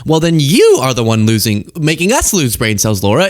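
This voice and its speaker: Man, political commentary host, lively swooping pitch, exasperated, rambling. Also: moderate pace, hardly any pauses.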